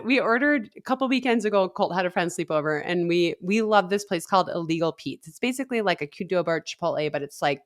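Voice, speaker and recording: A woman in her thirties co-hosting a podcast, telling stories in casual chat and laughing often. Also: mid-range voice. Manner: chatty storyteller, laughs often. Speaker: podcast co-host.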